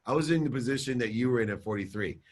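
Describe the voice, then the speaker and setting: A man, a guest in an interview, telling an emotional personal story in an animated, emphatic way. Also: mid-range voice, rapid-fire. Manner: animated, emphatic, swears casually. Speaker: guest entrepreneur.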